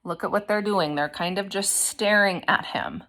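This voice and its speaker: With a mid-range voice, a young woman teacher reads a picture book out loud to children in a gentle, encouraging way. She pauses often to quiz them along the way.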